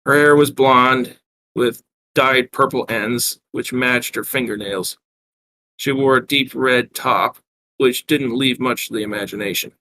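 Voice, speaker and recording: Bright-voiced man reading his story. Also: medium pitch, a little slow. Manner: wry first-person narration with small self-corrections. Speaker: writer reading his work. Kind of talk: reading his own fiction aloud.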